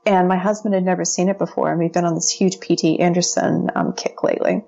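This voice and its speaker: A woman with a low, gravelly voice chats eagerly as a podcast guest, full of ums and restarts. Her tone is dark and mellow. The recording sounds dull and lo-fi. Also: fairly even intonation, fast. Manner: enthusiastic and chatty, with many fillers. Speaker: interview guest, brand strategist. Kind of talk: casual podcast conversation.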